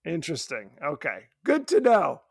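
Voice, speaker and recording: A high, lively man's voice with a gravelly edge, joking and teasing his co-host through a casual podcast chat about a horror film. The sound is close and dry, with no room around it. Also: normal speed, no echo. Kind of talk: casual movie review chat.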